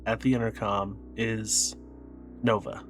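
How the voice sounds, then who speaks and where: A man running a tabletop sci-fi game as game master, narrating scenes in a steady, descriptive way. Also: fairly low pitch, takes it slowly, over music. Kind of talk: narrating a tabletop space adventure.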